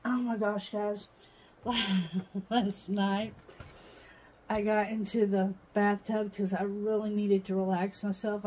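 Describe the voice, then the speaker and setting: Chatty woman, slow homey vlog. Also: medium pitch, a little mellow, low-quality recording. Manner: chatty, rambling storytelling with frequent laughs. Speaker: vlogger. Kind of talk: casual home vlog while doing a project. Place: mobile home, indoors.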